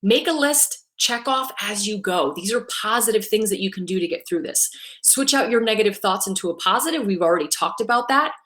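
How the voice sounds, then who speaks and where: A woman's voice: mid-range voice, animated, fairly quick, fairly bright tone. A middle-aged woman giving a live-streamed motivational talk to salon owners, upbeat and coaching, often asking "right?" and sometimes getting emotional. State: emotional at times.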